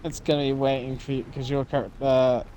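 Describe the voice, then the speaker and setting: A man's voice: medium pitch, little pitch movement, fast, warm tone, slight background noise. A man chatting casually while playing a video game with a friend, swearing freely and laughing at mishaps. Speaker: game player. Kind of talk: casual gameplay chat.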